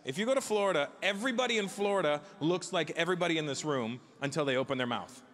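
Animated forty-something stand-up comedian. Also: male voice, fairly high pitch. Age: 40s. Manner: animated, acts out accents and characters in quick bits. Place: large theater with a live audience.

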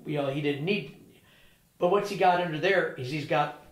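A man's voice: a little high, moderate pace, roomy sound, rough recording. An older man telling a story in an interview, acting out each person's lines in turn. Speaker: interview guest. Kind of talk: storytelling with quoted dialogue.

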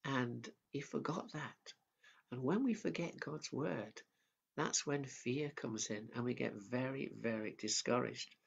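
A man preaching at a family service, telling a Bible story in a gentle, simple way. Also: mid-range voice, a little slow, gravelly, husky. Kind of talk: children's sermon storytelling. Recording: dull lo-fi sound.

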